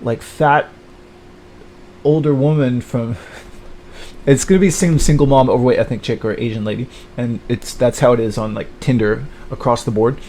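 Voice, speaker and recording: A man in a rambling livestream monologue, bitter and halting, stumbling through fillers and restarts. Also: fairly even intonation, mellow, a little hiss or hum. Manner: mocks others in high put-on voices.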